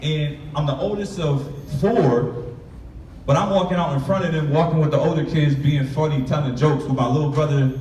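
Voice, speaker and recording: A man's voice: a little high, normal speed, darkish tone, a little hiss or hum. A young man telling a candid, street-styled personal story to students, acting out the voices of his past. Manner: candid, street-inflected storytelling with acted-out quotes. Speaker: author speaking to students. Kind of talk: motivational storytelling talk. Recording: echoey room from far off.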